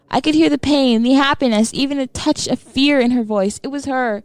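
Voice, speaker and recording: A woman giving a slow, emotional and dramatic reading of a scripted horror story. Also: high voice, clear, resonant tone, no room sound. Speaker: narrator.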